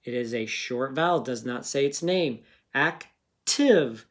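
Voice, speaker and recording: A man teaching a phonics lesson to young pupils, sounding out words slowly and asking patient questions. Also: mid-range voice, animated.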